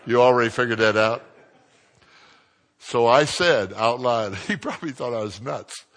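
An older man preaches with a loud, forceful voice that cuts through the room. He tells anecdotes to the congregation, sliding between quiet asides and booming punchlines. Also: moderate pace. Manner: lively anecdotal preaching, swinging from hushed to booming. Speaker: pastor. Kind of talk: sermon storytelling.

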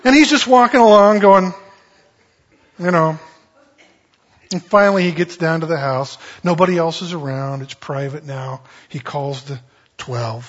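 A male pastor preaching a sermon in a folksy, conversational way with animated storytelling. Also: on the high side, a little slow. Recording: dull lo-fi recording.

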